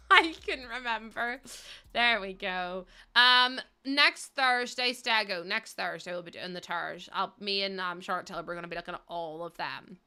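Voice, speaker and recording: Bright-voiced Northern Irish woman streaming. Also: on the high side, clean tone. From Northern Ireland. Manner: chatty, chats with viewers while building. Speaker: game streamer. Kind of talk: casual livestream chat.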